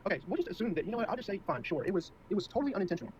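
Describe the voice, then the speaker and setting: A man's voice: sits high, very animated, very fast. A man in a live debate, pressing his point bluntly, on muffled audio with noise. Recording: muffled with clear background noise.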